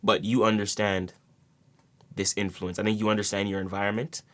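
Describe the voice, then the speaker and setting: A man's voice: fairly low pitch, level tone, fairly quick. A man giving a casual tarot reading to his viewers, rambling with repeated words and many fillers. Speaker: tarot reader.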